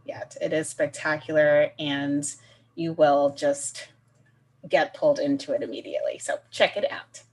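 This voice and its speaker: A woman co-hosting an interview, upbeat and quick to laugh. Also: deep voice, little pitch movement, slight background noise. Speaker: co-host. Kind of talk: casual interview.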